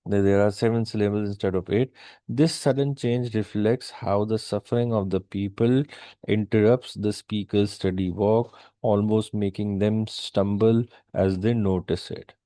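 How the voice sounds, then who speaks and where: A man's voice: fairly low pitch, steady tone, normal speed, warm tone, no room sound. A man teaching a poetry lesson, explaining lines step by step and slipping into Hindi asides.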